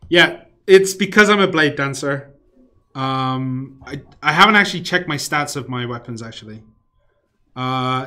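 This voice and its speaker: A man's voice: on the high side, pushed and bright. A young man live-streaming a game, rambling casually, swearing freely and muttering or humming to himself as he plays. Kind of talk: casual live-stream chat while playing.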